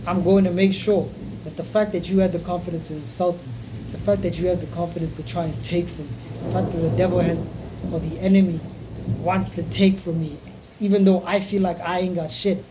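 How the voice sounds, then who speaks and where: A man's voice: sits high, level tone, fairly quick, noisy background. A man in his twenties speaking in a frank, raw, profane confessional vlog monologue. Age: 20s.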